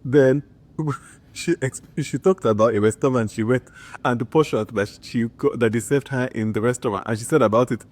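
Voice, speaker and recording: A man's voice: mid-range voice, moderate pace, darkish tone. Chatty man giving a casual movie review. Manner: chatty and enthusiastic, with frequent filler "like".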